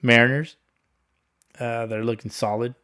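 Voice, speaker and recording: A man hosting a casual solo sports podcast, talking in a rambling, laid-back monotone with some sarcasm and swearing. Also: mid-range voice, a little slow, smooth. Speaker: podcast host.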